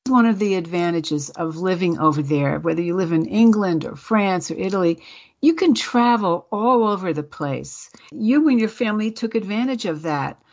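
A woman hosting a radio interview show, asking her guest questions in a measured, friendly way. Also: fairly low pitch, lively intonation, darkish tone, muffled recording. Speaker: radio host.

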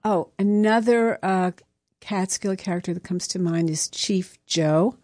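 A woman with a lowish, mellow voice hosts a live radio show from a studio, telling stories in an unhurried, chatty way. She rambles through anecdotes with restarts, and the studio microphone recording is dry.

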